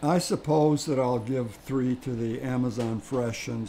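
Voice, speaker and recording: A man co-hosts a relaxed coffee tasting, speaking very slowly in a mellow, dark tone. He picks his words haltingly and carefully, with a faint hum of room ambience behind him. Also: medium pitch, low-quality recording. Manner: slow, halting, measured. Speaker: co-host. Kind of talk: casual tasting chat.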